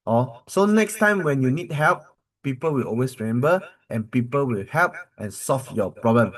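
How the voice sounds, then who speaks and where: A man's voice: mid-range voice, animated, normal speed, low-quality recording. A man with a Malaysian English accent, a corporate trainer telling motivational stories and quizzing his audience, with many fillers.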